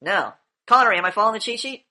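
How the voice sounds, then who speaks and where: A woman's voice: medium pitch, expressive, racing, bright, forceful tone. A woman teaching an acting class, blunt and demanding, swearing freely as she questions her students.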